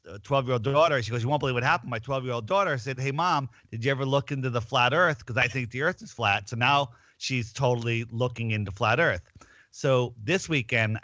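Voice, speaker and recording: A man's voice: mid-range voice, bright, forceful tone, dry recording, muffled recording. A man telling rambling stories in a casual chat, often restarting his sentences. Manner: rambling storyteller, many restarts.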